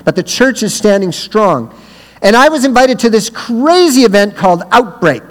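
A man giving a sermon as a guest speaker, telling a story and breaking into loud shouted quotes. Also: high-pitched. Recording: reverberant hall.

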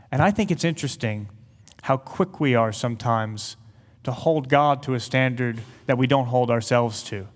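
A man giving an earnest sermon to an audience, telling a personal story with light humorous asides. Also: medium pitch. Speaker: speaker to an audience. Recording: long hall reverb.

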